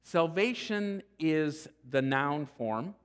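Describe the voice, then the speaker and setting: Male pastor, slightly high voice, slow, emphatic sermon delivery, long echoing hall. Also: expressive, smooth. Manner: emphatic, deliberate preaching with repeated restarts. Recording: long church-hall reverb.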